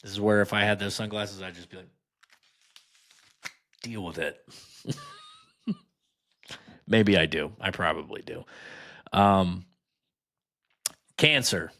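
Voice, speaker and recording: With a low, creaky voice that is bright and forceful, this podcast host keeps a measured pace broken by long pauses. He reads items aloud and riffs on them casually, mocking them with sarcastic asides.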